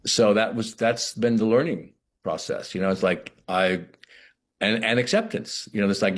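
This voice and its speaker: A man with a deep, husky voice talks through his craft in an interview. He muses aloud, pausing and restarting his thoughts as he goes. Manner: thoughtful, halting, with frequent restarts and "you know". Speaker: actor, interview guest. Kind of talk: reflective interview conversation.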